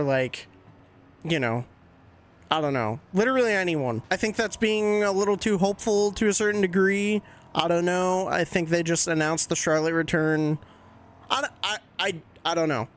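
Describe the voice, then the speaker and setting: A man with a fairly high voice hosts a laid-back podcast. He talks in a chatty, candid way, with the odd swear word dropped in. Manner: chatty, candid fan opinions with casual swearing. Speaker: podcast host. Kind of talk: casual wrestling commentary podcast.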